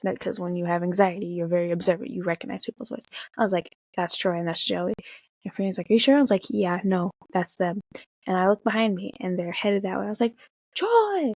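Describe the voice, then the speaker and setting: A young woman casually telling an excited, swear-filled story, jumping high in pitch when she quotes herself. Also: dry recording. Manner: excited, swearing, talks fast with big pitch jumps when quoting. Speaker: vlogger.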